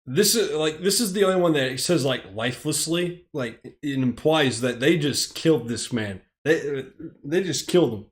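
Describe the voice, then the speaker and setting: A man's voice: on the high side, expressive, moderate pace. A man casually reading a movie script aloud on a live stream, hesitant and stammering, with frequent restarts.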